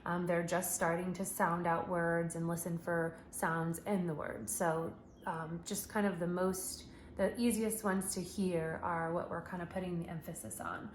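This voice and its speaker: A woman teacher talks parents through a home literacy lesson in a patient, encouraging way. She slows down to stretch out each letter sound. Her voice carries a noticeable room echo over a faint background hum. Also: lowish voice, little pitch movement. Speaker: kindergarten teacher. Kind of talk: tutorial for parents.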